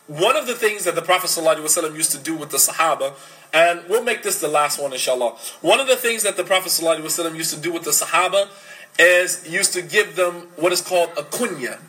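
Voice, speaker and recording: A man's voice: fairly high pitch, bright, forceful tone, poor audio. A man giving a religious lecture on parenting, emphatic and full of rhetorical questions. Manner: switches to fast Arabic recitation. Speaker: Islamic lecturer.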